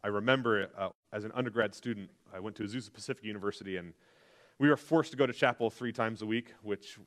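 Low-voiced man preaching. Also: fast, fairly bright tone. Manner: earnest, confessional storytelling. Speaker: pastor. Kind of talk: sermon.

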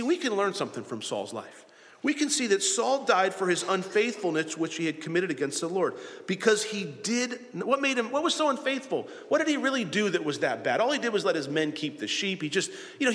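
A man's voice: high voice, fairly bright tone, big-room sound. A man preaching a sermon as pastor, asking the congregation rhetorical questions.

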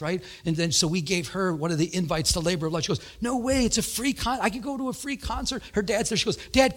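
A middle-aged man preaching a sermon, telling stories with animated energy and laughter. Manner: animated storytelling, laughing, rising to high emphatic peaks. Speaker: pastor.

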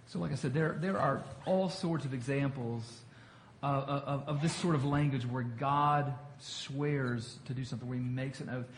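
In an echoey room with a little noise, a man teaches the Bible as a pastor, chatting with his group, going over points more than once, and asking them questions. His voice sits in the mid range and moves at a normal speed.

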